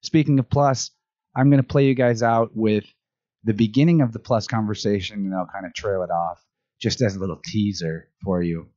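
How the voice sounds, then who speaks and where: Deep-voiced upbeat man hosting a podcast. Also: steady tone, moderate pace, dark tone, dull audio. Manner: upbeat, chatty, addresses listeners directly. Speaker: podcast host. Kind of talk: casual podcast outro.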